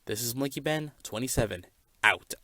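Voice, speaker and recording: A man's voice: medium pitch, lively intonation, normal speed, bright, forceful tone, no echo, studio quality. A young man voicing a smug, rambling male anime reviewer who stumbles over his words, in a comedy skit. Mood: ranting.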